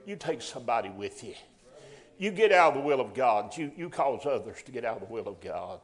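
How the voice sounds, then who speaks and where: A man preaching a sermon in a folksy way, rising to loud emphatic bursts. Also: medium pitch, sing-song, a little fast.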